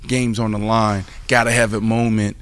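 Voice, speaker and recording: A man hosting a casual sports talk show, who talks in slang and rants loudly in mock outrage. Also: lowish voice, normal speed. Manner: animated, loud rant with mock outrage.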